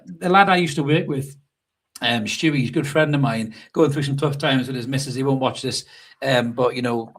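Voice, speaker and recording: Husky-voiced sweary man chatting football. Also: mid-range voice, brisk. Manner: sweary, animated storytelling with mimicked shouts. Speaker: podcast co-host. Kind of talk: casual live fan chat. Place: hotel room. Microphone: remote call over hotel Wi-Fi.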